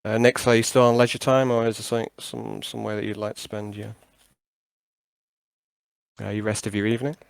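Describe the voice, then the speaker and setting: A man's voice: lowish voice, little pitch movement, brisk, creaky, long pauses, clear, resonant tone, dry recording. A man running a tabletop game over a call, rambling and hesitant with many fillers and restarts. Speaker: game master.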